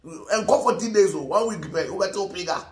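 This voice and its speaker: A man's voice: high-pitched, moderate pace, reverberant. A Ghanaian man preaching a sermon, mixing Twi and English, emphatic, with laughs. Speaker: pastor.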